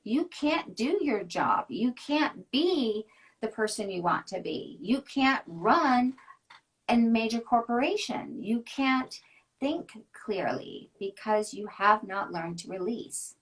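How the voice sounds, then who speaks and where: A woman's voice: on the high side, expressive, takes it slowly. A woman hosting a live video-call interview, enthusiastic and affirming toward her guest. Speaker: host.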